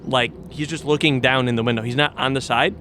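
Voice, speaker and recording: A man's voice: mid-range voice, steady tone, fast talker, sharp tone, a little hiss or hum. A man co-hosting a podcast, chatting casually with joking banter. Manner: joking banter, mock-quoting others. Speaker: podcast co-host. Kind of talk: casual chat.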